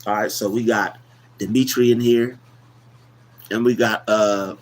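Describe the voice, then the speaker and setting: A man's voice: fairly low pitch, steady tone, measured pace, a little hiss or hum. A man hosting a casual motivational livestream, talking in a loose, repetitive, preachy way about affirmations. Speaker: livestream host.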